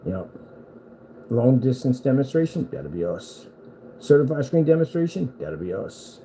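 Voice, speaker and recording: A man's voice: medium pitch, very animated, moderate pace, dark tone, a little hiss or hum, rough recording. A man delivering a boastful, taunting rant at a rival screen maker, repeating himself for emphasis. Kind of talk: trash-talking rant at a rival.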